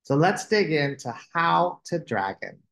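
A man hosting a children's storytime, reading a picture book aloud with expressive delivery. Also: a little high, measured pace, creaky.

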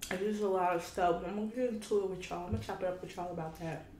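A woman's voice: lowish voice, fairly even intonation, very fast, dark tone, slight background noise. A woman in her twenties, a food vlogger chatting candidly and with plenty of slang straight to her viewers at home. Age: 20s. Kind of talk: casual chat to camera while eating. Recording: roomy home recording with faint ambience.

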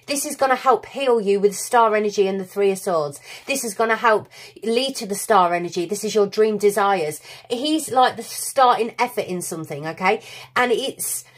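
A woman reads tarot cards to her audience, gushing with encouragement and openly emotional about the reading. Her voice sits high and bright, and she carries on in a warm, heartfelt run of reassurance. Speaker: tarot reader. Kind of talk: recorded tarot reading to viewers.

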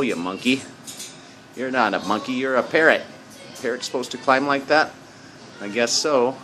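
A man filming his pet parrot at home on a handheld phone, switching between high sing-song baby talk to the bird and low asides. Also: normal speed, long pauses, fairly bright tone, faint music behind. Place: home indoors.

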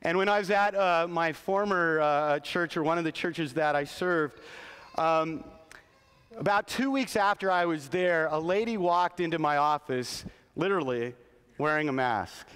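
A man's voice: on the high side, unhurried, a bit bright, smooth. A middle-aged man preaching a sermon as pastor, earnest, often restarting his phrases. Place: large church sanctuary. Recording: long reverb of a church hall.

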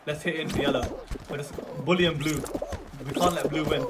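A young man giving excitable live commentary on his gameplay, swinging from muttering to shouting. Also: fairly high pitch, normal speed, background noise. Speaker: gaming YouTuber. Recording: music playing under the voice.

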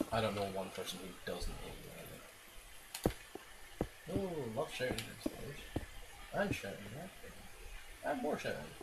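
A man rambling and swearing through self-mocking gameplay commentary on a laptop's built-in mic. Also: fairly low pitch. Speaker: gaming video creator. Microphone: laptop internal mic. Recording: loud hiss, laptop internal mic.

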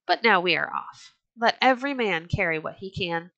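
A woman's voice: lowish voice, expressive, moderate pace, bright, forceful tone, no room sound, dull audio. A woman reading the lines of a bold, hot-tempered but jovial red-bearded Viking chieftain in a hearty, boastful storybook manner. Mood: rousing.

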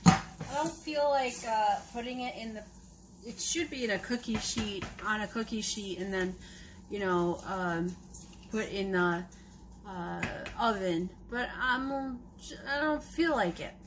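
A woman's voice: medium pitch, measured pace. A woman rambling casually as she vlogs at home and cooks in her kitchen. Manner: rambling, chatty, talks to her dog in a sing-song voice. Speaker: vlogger. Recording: noisy home recording.

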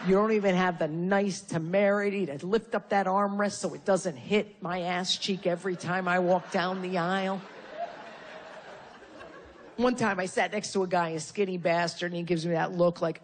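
A woman's voice: fairly low pitch, fairly even intonation, moderate pace, slight background noise. A woman from Connecticut doing a stand-up comedy set, brash and profane with punchy insult jokes. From Connecticut, USA. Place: live comedy venue with audience.

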